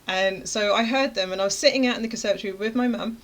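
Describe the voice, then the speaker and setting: Woman, thirties, casual vlog storytelling, animated, mid pitch. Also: fast. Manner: chatty, animated, acts out her own reactions. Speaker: web design course creator.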